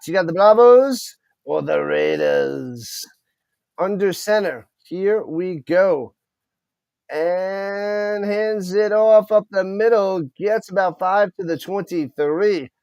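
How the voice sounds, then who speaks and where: A man with a slightly high voice, recorded without echo, streams live play-by-play of a football game. He's excited, chats with his viewers, and stumbles over unfamiliar player names.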